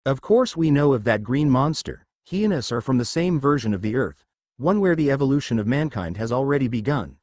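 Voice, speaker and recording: Brief: haughty lecturing mutant leader, read by a man, lively, dry. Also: medium pitch, brisk, no echo. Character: proud older male mutant leader.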